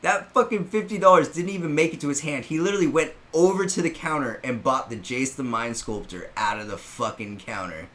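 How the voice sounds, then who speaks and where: A man co-hosting a podcast, telling a story in a loud, profane, animated way and laughing often. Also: medium pitch, fairly quick, hardly any pauses, roomy sound. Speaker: podcast co-host. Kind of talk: casual storytelling chat.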